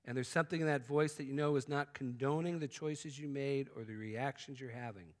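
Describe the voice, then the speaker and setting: A man preaching a sermon, swinging from loud exclamations to hushed, intimate tones. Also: mid-range voice, brisk. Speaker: pastor. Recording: long hall reverb.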